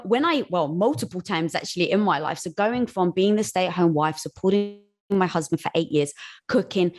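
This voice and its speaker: A woman's voice: lowish voice, darkish tone. Earnest, encouraging woman guest. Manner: earnest and encouraging, calls the host girl. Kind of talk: candid conversation.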